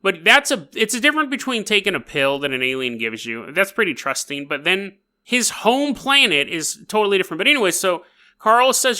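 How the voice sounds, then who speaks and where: Animated, bright-voiced male podcast host. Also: sits high, moderate pace. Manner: jokey, animated, acts out quotes. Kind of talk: comedic storytelling.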